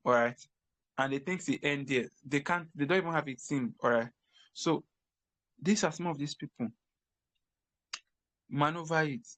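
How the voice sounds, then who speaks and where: A man's voice: a little high, moderate pace, long pauses, fairly bright tone, dry recording. A man from Africa giving casual, emphatic career advice on crypto work. He repeats key points and often restarts his sentences. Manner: repetitive, emphatic, frequent restarts.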